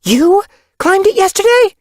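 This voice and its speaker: A man voicing an anxious female medicine cat in an audiobook, urgent and sharp when she scolds. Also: medium pitch, lively intonation, normal speed, vocal fry, no room sound, pitched above the performer's own voice. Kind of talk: audiobook character voice.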